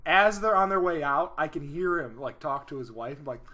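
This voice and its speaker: A man's voice: a little high, expressive, normal speed, pushed and bright. A young man co-hosting a podcast, telling rambling stories in casual chat. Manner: rambling storyteller, lots of fillers. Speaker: podcast co-host.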